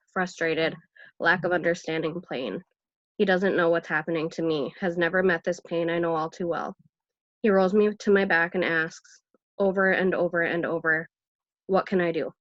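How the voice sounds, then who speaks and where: A woman reading her own poem aloud at an online open mic in a quiet, measured way. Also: lowish voice, no echo. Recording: dull, dry home call audio.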